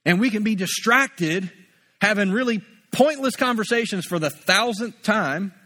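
A man's voice: sits high, animated, measured pace, pushed and bright. A male pastor preaching a conversational sermon, often repeating words as he builds a point.

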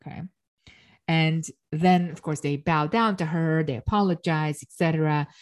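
A woman giving an explanatory lecture, retelling a myth and pausing to correct herself mid-phrase. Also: deep voice.

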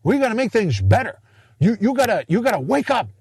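A man's voice: high-pitched, sing-song, a little fast, darkish tone, breathy edge, no room sound, voice pushed up, exaggerated voice. A man putting on a folksy middle-aged man with a Kentucky twang who repeats himself as he urges listeners to change their lives. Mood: exhorting. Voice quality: twangy drawl. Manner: preachy, pushy motivational urging, repeats himself.

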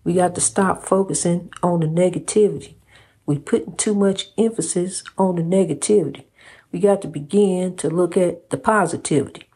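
A woman's voice: lowish voice, normal speed, mellow, slightly rough. Woman preaching love and faith. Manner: preachy, repeats phrases, calls listener honey. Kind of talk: impassioned faith-based pep talk.

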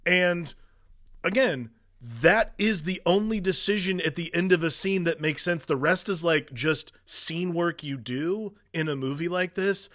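A man's voice: high voice, measured pace, fairly bright tone. A man co-hosting a podcast, rambling through a casual comedic movie review with many fillers and restarted sentences. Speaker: podcast co-host.

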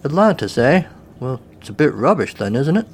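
A man voicing a gruff sea captain who grumbles his lines. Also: medium pitch, sing-song, normal speed, slight background noise, pitched above the performer's own voice, close to an everyday voice. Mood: grumbling.

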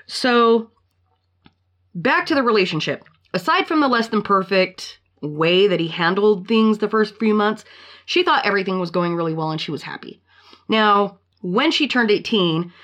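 Woman, podcast host, casual storytelling, blunt, profane, mid-pitched. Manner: blunt and profane, animated retelling.

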